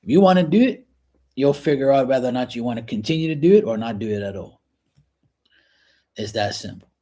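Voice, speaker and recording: A man hosting a casual livestream from his kitchen while washing dishes, talking frankly and rambling, often clearing his throat. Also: medium pitch, lively intonation, a little fast, dark tone. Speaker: livestream host reading chat. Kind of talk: casual chat.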